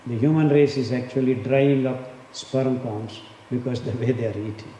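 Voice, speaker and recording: A man's voice: mid-range voice, steady tone, normal speed, mellow. A man in his sixties from India, giving an impassioned talk and repeating words for emphasis. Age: 60s. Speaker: speaker on diet and health. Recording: echoey hall, faint background noise.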